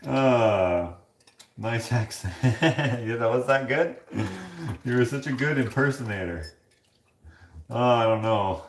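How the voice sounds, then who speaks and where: A man's voice: mid-range voice, slow pace, long pauses, roomy sound, slight background noise. A man hosting a casual live stream, chatting and joking with viewers while he does the dishes in his kitchen. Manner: chatty, joking, laughs often. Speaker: livestream host reading chat. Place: home kitchen.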